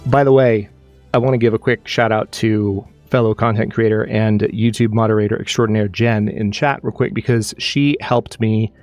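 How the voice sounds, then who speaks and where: A man's voice: lowish voice, fairly even intonation, moderate pace, a little mellow, soft background music. A man hosting his own live stream, chatting casually and animatedly, rambling with restarts while he plays a game. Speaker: streamer and channel host.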